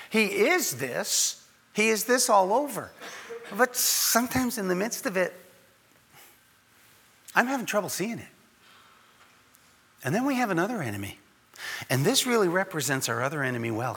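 A pastor with a high, lively voice, bright and slightly husky, delivers a conversational sermon, sometimes acting out the people he quotes. He speaks at a moderate pace with long pauses, and a long hall reverb trails his words.

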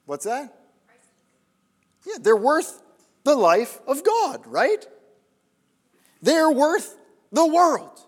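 A man delivers a sermon in a hall, his words ringing out in a long reverb. His voice sits high and swings widely in pitch. He keeps questioning his listeners and sinks to a hush to stress a point. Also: wildly swooping pitch, very slow, long pauses. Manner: emphatic, questioning the audience, drops to near-whispers. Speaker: pastor.

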